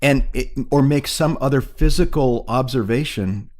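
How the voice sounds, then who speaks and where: A man's voice: medium pitch, normal speed, a little mellow. An older man, a poet guest on a podcast, explaining ideas in casual conversation with frequent restarts.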